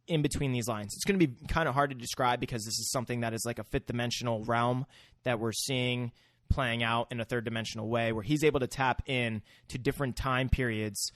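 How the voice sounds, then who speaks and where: A man's voice: mid-range voice, no room sound, clean studio sound. A man co-hosting a casual podcast, rambling through a film recap with lots of fillers and searching for words. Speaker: podcast co-host.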